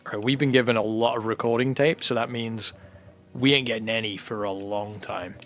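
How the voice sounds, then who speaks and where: A young man streaming a horror game, chatting in a relaxed, rambling way and often saying "you know". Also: lowish voice, a little fast, faint music behind. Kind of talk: casual let's-play chat.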